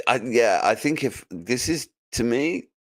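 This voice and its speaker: A man's voice: medium pitch, lively intonation, measured pace, no room sound, clean studio sound. A man as a podcast guest in casual chat, musing aloud with many restarts. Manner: musing, stammering restarts, laughs easily.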